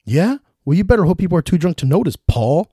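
A man's voice: on the high side, fairly quick, dark tone, no room sound, clean studio sound, voice pushed up, close to an everyday voice. A man voicing a mouthy young male friend in a raised, snappy voice.

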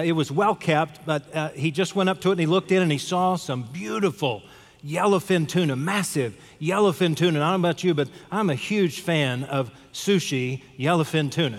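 A male pastor giving a conversational sermon in a church, asking the congregation questions. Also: fairly high pitch. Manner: conversational, asks the audience questions. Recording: long hall reverb.

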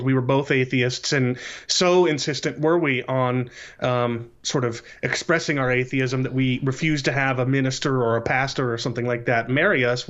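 A man in his late thirties, a podcast guest, telling his life story in a casual interview in an earnest, measured way. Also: mid-range voice, a bit bright. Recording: slightly dull lo-fi audio.

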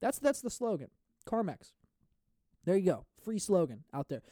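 A man's voice: sits high, very animated, normal speed, warm tone, no echo, clean studio sound. A man hosting a solo comedy podcast, rambling through profane, goofy, self-mocking jokes into a podcast microphone. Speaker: podcast host. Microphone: studio podcast microphone.

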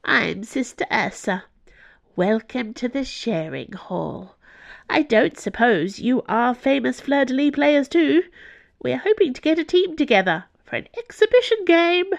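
A woman voicing a tiny elderly nun who is cheerful and welcoming, with a high, gentle voice. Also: expressive, measured pace, vocal fry, full character voice. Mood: pleased.

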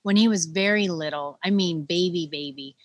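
A middle-aged woman, a children's book co-author, telling parenting stories in a lively, chatty way and laughing often. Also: on the low side, moderate pace, no echo. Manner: animated storyteller, laughs often. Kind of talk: casual conversation.

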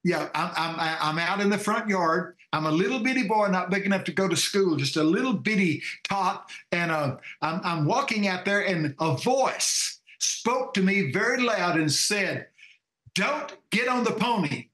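An older man from Texas with a Texan accent, telling a personal story on a call-in show, animated and acting out voices with many fillers. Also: sits high, normal speed, hardly any pauses, reverberant. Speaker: show co-host.

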